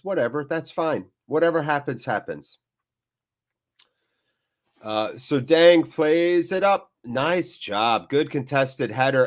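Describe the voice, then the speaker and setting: Sniffly man doing chatty match commentary. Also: mid-range voice. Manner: chatty, rambling play-by-play. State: sniffly from blocked sinuses. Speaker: host. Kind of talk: live match watchalong commentary.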